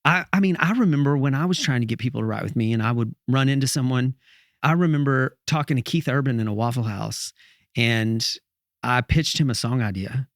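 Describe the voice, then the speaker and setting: A man's voice: mid-range voice, a little fast, no room sound, clean studio sound. Earnest, reflective man guest. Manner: reflective, earnest, thinking aloud with restarts. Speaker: songwriter guest. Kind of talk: casual interview conversation.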